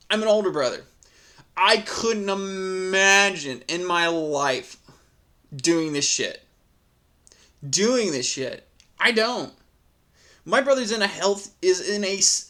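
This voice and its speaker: A man's voice: a little high, sharp tone. A man reading an online story aloud, then giving a heated, profane commentary full of restarts and repeats.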